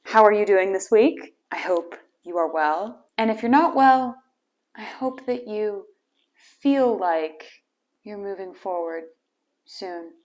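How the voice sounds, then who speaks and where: A woman's voice: medium pitch, animated, slow pace, darkish tone. A young woman from Wisconsin hosting her own small talk show, chatty and playfully teasing. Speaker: host. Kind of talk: casual solo talk show.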